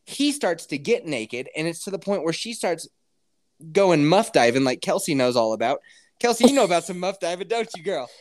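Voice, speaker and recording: Animated, crude-talking male podcast host. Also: on the high side, moderate pace. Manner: crude, laughing, acts out other people's lines. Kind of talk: casual podcast storytelling.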